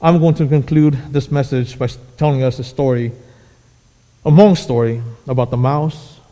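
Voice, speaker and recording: A man's voice: medium pitch, moderate pace, dark tone. A man preaching a sermon, telling a fable with emphatic, repetitive phrasing. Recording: echoey hall.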